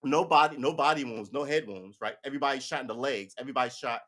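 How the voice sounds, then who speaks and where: A man's voice: medium pitch, fast, a bit bright. A man giving casual, profane political commentary on a livestream, ranting and slipping into mocking voices.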